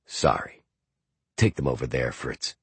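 A man doing a low, offhand American gangster. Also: measured pace, fairly bright tone, husky, no echo, heavily acted. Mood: bemused. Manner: low-key, affable, offhand. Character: genial, bored, high American thug, middle-aged man.

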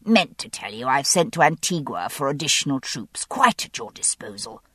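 A woman voicing a fussy older male admiral who talks in a querulous, pompous way and drops into hoarse whispers. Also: sing-song, moderate pace, pushed and bright, no room sound, exaggerated voice. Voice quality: high, querulous. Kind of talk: audiobook character voice.

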